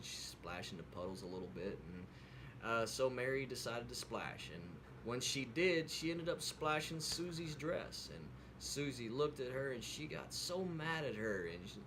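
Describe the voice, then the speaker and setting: At a moderate pace and medium pitch, an expressive video host spins a folksy, rambling devotional story packed with fillers, finishing with an earnest sermon-like ending. Background noise runs through it.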